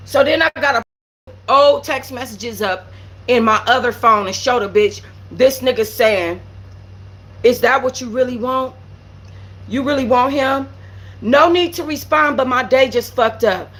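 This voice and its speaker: Blunt, higher-voiced woman telling a story. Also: a bit bright, low-quality recording. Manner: candid, profane, blunt storytelling; acts out quoted dialogue. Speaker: channel host. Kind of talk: storytime commentary. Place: home setup with green screen.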